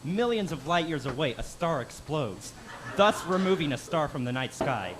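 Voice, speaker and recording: A man's voice: a little high, sing-song, moderate pace. A man reading a script aloud live as a channel host, in dry narration broken by wry asides. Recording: noisy home recording.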